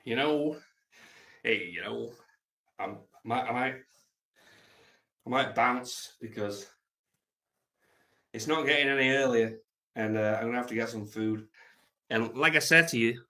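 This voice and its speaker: A man's voice: medium pitch, a little slow, long pauses. A British man rambling crudely and jokily through an unscripted livestream, reading out viewer comments. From Britain. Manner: rambling, crude, jokey, trails off quietly.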